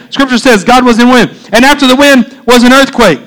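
High-voiced animated preacher man. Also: a little fast, low-quality recording. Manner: animated preaching with conversational asides. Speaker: pastor. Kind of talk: sermon.

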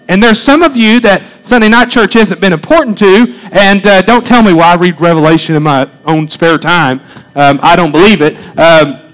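A pastor with a drawl preaches in a folksy, animated way, his voice sitting high for a man. He keeps turning to the congregation with quick rhetorical asides and questions. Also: low-quality recording. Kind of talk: sermon.

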